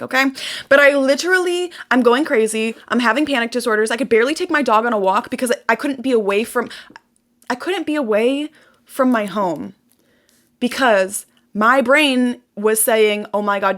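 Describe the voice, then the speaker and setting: A young woman with a high voice pours out an emotional monologue to her viewers. She talks with raw intensity, repeats phrases for emphasis and swears freely as she vents. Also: a bit bright. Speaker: vlogger. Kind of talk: emotional venting monologue to camera.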